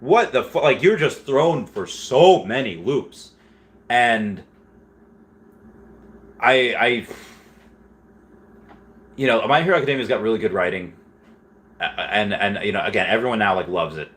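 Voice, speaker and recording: A man's voice: fairly low pitch, animated, unhurried, pauses often, fairly bright tone. A man in his thirties hosting a casual livestream, rambling through chat questions with many restarts and fillers. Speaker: livestream host answering chat.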